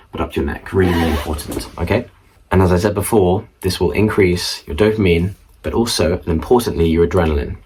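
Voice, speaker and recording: A young student study vlogger in a room at home talks casually toward the camera mic, sharing study tips with chatty asides to the viewer. His voice sits low with a darkish tone, and the audio is poor, with slight background noise.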